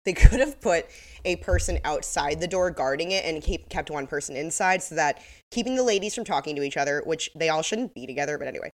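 Woman co-host, low-set voice, casual episode recap, breaks into laughs. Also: lively intonation, fast. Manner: laughs often, acts out quotes. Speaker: podcast co-host.

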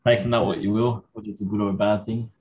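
A young Australian man, a university student, co-hosting a racing podcast in a relaxed, dryly joking way. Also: fairly low pitch, fast talker, phone-quality sound. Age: young adult. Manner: relaxed, dry humour, hedging. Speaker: podcast co-host. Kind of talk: casual chat.

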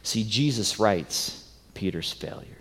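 A male pastor preaching a sermon, swinging from loud emphatic stretches to soft hushed ones. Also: on the low side, animated, slow. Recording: long hall reverb.

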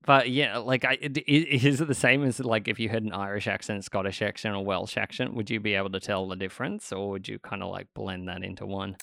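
Animated interviewer, dry close sound. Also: low voice, gravelly, no echo. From Australia. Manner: animated, laughs, halting restarts. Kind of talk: casual interview chat.

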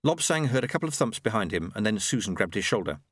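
Lively man narrating an audiobook. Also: on the low side, quick pace, no echo, clean studio sound. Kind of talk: scripted narration.

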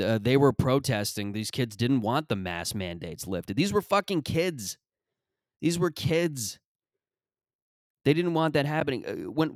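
A man's voice: medium pitch, no room sound, clean studio sound. Profane, rambling man in his thirties. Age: 30s. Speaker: podcast host. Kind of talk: casual comedic monologue.

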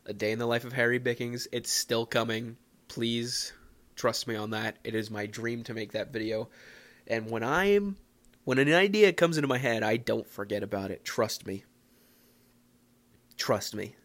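Rambling, excitable young man hosting. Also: medium pitch, normal speed. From Philadelphia area. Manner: rambling, self-mocking, excitable. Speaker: podcast host. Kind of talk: casual solo podcast chat.

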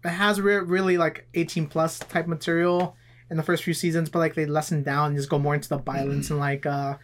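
A man's voice: fairly high pitch, level tone, brisk. A young man co-hosting a podcast in person with friends, chatting casually and swearing freely as he rambles through explanations. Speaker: podcast co-host. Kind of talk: casual chat. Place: in-person studio session with friends.

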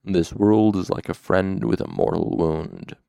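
A man's voice: sits low, steady tone, unhurried, vocal fry, warm tone, clear, resonant tone, no room sound, studio quality. A man voicing Lanre, a grief-stricken and weary fallen hero, speaking heavily with despair in an audiobook reading. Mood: desperate. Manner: heavy and despairing.

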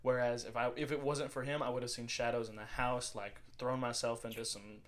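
A man's voice: mid-range voice, level tone, fairly quick. A man co-hosting a casual podcast who speaks earnestly and uses a lot of slang. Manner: earnest, slangy, says "dog" often. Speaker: podcast co-host. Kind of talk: casual chat.

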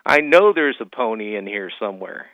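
A man's voice: fairly low pitch, lively intonation, moderate pace, no echo. A man voicing a cheerful, optimistic little boy in a story he tells over a phone line. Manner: chirpy, upbeat.

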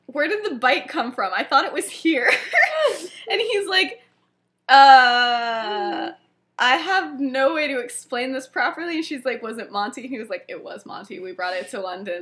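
Giggly high-voiced young woman. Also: lively intonation, moderate pace, pushed and bright. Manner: giggly, filler-heavy, acts out quoted lines. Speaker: podcast co-host. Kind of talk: casual storytelling chat.

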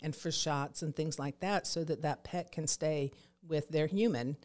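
A woman guest in an interview, an educational coordinator explaining care programs in a clear, informative way. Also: deep voice, measured pace, darkish tone.

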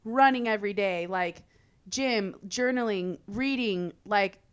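A young woman hosts a casual podcast and tells a personal story with energy. She fills her talk with "like" and drops the odd swear word. Her pitch sits in the middle for a woman. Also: a little slow, clean tone. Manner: animated storytelling, filler "like", swearing. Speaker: podcast host. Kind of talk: casual chat.

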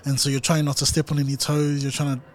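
Measured man hosting a podcast, fairly high voice. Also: level tone. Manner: thoughtful, measured, many ums. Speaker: podcast host, student teacher. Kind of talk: casual interview.

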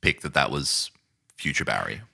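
A man in a casual podcast chat who reviews a film critically and acts out scenes in quick put-on voices. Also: a bass voice, animated, creaky, sharp tone. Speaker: podcast co-host.

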